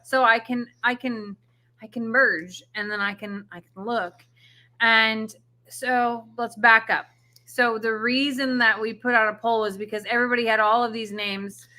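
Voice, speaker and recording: A woman's voice: a little high, steady tone, unhurried, pushed and bright. A woman co-hosting a casual chat, explaining things patiently and methodically. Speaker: co-host of an animal sanctuary channel.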